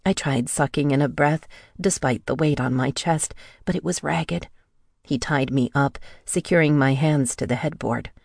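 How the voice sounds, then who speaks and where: A woman's voice: low-pitched, normal speed, gravelly, darkish tone, no echo, studio quality. A woman reading a first-person thriller audiobook in a tense, urgent narrating manner.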